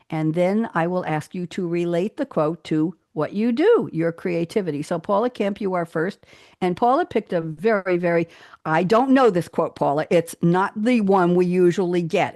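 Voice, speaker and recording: A woman's voice: lowish voice, normal speed, a little mellow, no room sound, clean studio sound. A middle-aged woman hosting an online radio interview show, chatty and full of praise, laughing often.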